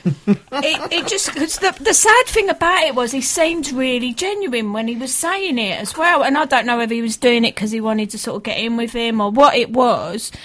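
A woman's voice: on the high side, animated, normal speed, fairly bright tone. A woman co-hosting a football radio show, reading out listener emails and chatting with many fillers. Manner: chatty, laughing, hesitant. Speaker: radio co-host.

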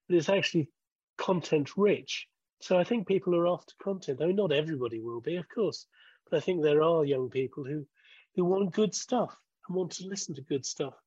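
A man's voice: on the high side, lively intonation, mellow, breathy edge, dry recording. Man in his sixties on a muffled line. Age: 60s. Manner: measured, thinks aloud with restarts. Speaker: guest, former broadcaster. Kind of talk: conversational interview.

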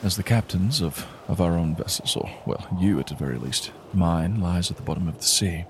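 A man's voice: low-pitched, a little fast, slight background noise, natural voice. A man voicing a grieving male sea captain who gives a formal, stately eulogy. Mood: solemn.

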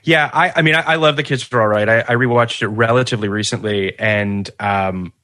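A man talks films on a podcast in a bright, forceful voice. His enthusiasm tumbles out in restarts and repeated words. The sound is dry, close and free of room echo. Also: on the low side. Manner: enthusiastic, halting with many restarts. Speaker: podcast co-host. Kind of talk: casual film chat.

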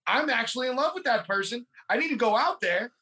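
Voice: medium pitch, lively intonation, fast, bright, forceful tone, voice pushed up. A podcast host voicing an insecure young man who doubts himself and stammers anxiously.

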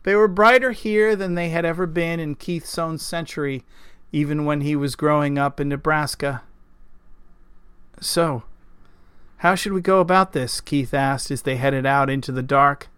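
Smooth-voiced male storyteller. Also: on the high side, moderate pace, no echo. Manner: steady, even-paced reading. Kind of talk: scripted story narration.

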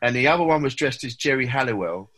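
A man's voice: medium pitch, fast talker, slight background noise. Man telling a wild anecdote. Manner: animated anecdote telling, acting out quotes. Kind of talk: casual chat.

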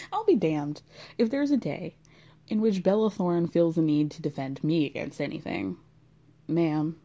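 A woman's voice: fairly low pitch, dark tone, highs cut off. A woman hosting a podcast, chatting about gossip in a sarcastic, rambling, giggly way. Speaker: podcast host. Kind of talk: casual gossip chat.

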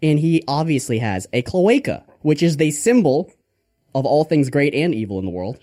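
A man's voice: a little high, big pitch swings, normal speed, mellow. A man voicing a rambling, mock-preachy Georgian preacher named Father Grandfather, sermonizing absurdly. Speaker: character from podcast RPG.

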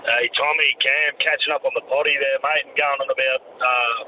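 Aussie man, sweary voice message, distant muffled phone recording, loud background noise. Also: mid-range voice, steady tone, a little fast. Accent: Australian. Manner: sweary storytelling. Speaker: listener sending a voice message. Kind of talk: casual voice message.

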